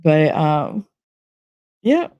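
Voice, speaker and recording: A woman's voice: deep voice, very animated, very slow, dry recording, dull audio. A woman casually telling a candid, profane personal story, acting out both sides of the conversation. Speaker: stream host.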